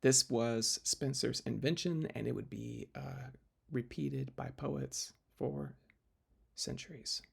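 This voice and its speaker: A man's voice: medium pitch, steady tone, takes it slowly, gravelly, breathy edge. A man teaching literature in a recorded lecture video, explaining step by step with fillers and restarts.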